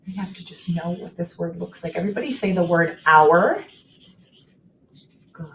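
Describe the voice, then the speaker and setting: A woman teacher modeling writing for young children, slowly and clearly sounding out each word and leading the class to repeat. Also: on the low side, lively intonation, slight background noise. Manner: slow, exaggerated sounding out of words.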